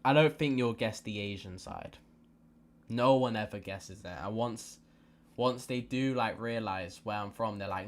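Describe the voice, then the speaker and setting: A man's voice: fairly low pitch, unhurried, slight background noise. Rambling young man hosting a live watch-along. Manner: chatty and rambling, repeats himself. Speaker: live stream host.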